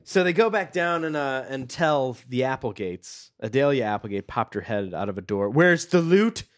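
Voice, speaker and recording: A man's voice: medium pitch, normal speed. A man co-hosting a podcast, reading passages from a book aloud and wryly picking them apart. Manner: animated, wry, laughs often. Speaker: podcast co-host.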